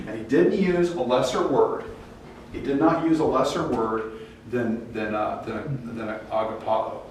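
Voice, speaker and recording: A man teaching a Bible class in a casual lecture style, acting out quoted lines with lively pitch jumps. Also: moderate pace. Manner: animated, acts out quoted dialogue with rising pitch. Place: church classroom. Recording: distant echoey room mic with faint noise.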